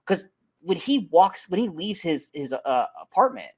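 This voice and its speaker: A man co-hosting a casual movie review podcast, talking in an animated, emphatic way, swearing freely and tripping over his words. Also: sits high, a little slow. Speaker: podcast co-host.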